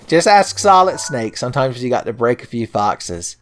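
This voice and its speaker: A man's voice: medium pitch, big pitch swings, moderate pace, over music. Joking, foul-mouthed gaming streamer man. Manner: profane, joking, laughs often. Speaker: let's play host. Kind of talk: casual gaming commentary. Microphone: home mic, close.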